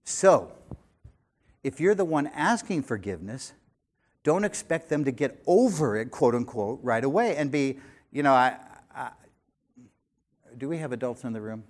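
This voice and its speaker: An older man in his sixties preaching a sermon, animated, swinging between loud emphasis and quiet conversational asides. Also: mid-range voice, moderate pace, pauses often. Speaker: pastor.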